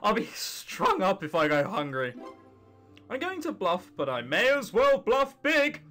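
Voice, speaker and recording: A woman's voice: medium pitch, huge pitch swings, measured pace, fairly bright tone, soft background music. Sarcastic, swearing woman gamer. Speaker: let's-play host. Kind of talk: casual game commentary.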